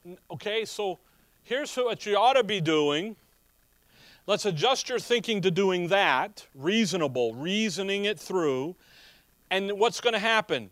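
A man with a high voice delivers a teaching sermon in a casual, conversational way. He often pauses to ask the congregation rhetorical questions. The recording is dry and close, with no room echo. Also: lively intonation, a bit bright. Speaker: pastor. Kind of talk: expository sermon.

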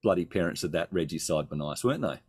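A man's voice: low voice, lively intonation, fast, darkish tone, husky, no room sound, studio quality. A man co-hosting a casual sports podcast, running through team line-ups with enthusiasm. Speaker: podcast co-host.

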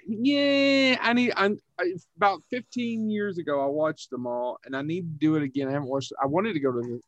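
A man's voice: mid-range voice, fairly bright tone, dry recording, lo-fi sound. A man co-hosting a casual movie podcast, chatty and teasing. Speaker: podcast co-host. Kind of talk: casual chat.

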